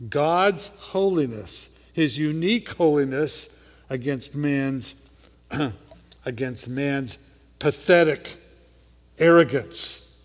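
A man preaching in a church sanctuary, his voice a bit high and ringing through a reverberant hall. He preaches conversationally and checks in often with "okay?" He moves between loud, stressed words and quiet asides. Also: slow, pauses often. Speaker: pastor. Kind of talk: sermon.

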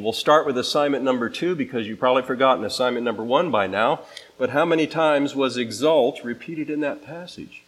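A pastor with a medium-pitched, slightly breathy voice delivers an expository sermon at a normal pace, captured on a low-quality recording. He reads scripture aloud, stressing key words with emphatic inflection. His manner is that of a teacher handing out listening assignments.

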